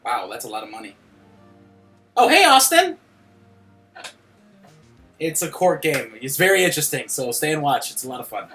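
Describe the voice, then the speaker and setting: A man's voice: medium pitch, lively intonation, fast, few pauses, fairly bright tone, faint music behind. A young man casually commenting while he streams a game, joking around and laughing often.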